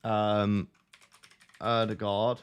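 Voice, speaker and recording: A man's voice: lowish voice, flat delivery, very slow, clean tone, lo-fi sound. Chatty man live-streaming. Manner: chatty, self-mocking, laughs at himself. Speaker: fantasy football streamer. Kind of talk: casual live-stream chat.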